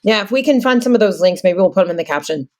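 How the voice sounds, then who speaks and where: A woman's voice: mid-range voice, animated, racing, darkish tone. A woman hosting a podcast, chatting in an easygoing, appreciative way. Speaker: podcast host. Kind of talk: casual chat.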